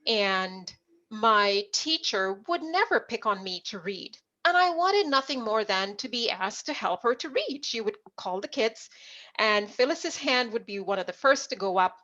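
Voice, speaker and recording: Animated woman coach from Jamaica. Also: a little high. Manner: animated storyteller, acts out remembered dialogue. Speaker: leadership coach, guest. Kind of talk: conversational storytelling interview. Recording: dull lo-fi audio.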